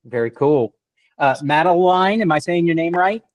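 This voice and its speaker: A man hosts a casual reunion over a video call, calling each guest by name in a chatty, friendly way. His voice sits a little high. The sound is close and dry, with almost no room around it. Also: expressive, normal speed, dry recording, rough recording. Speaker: host.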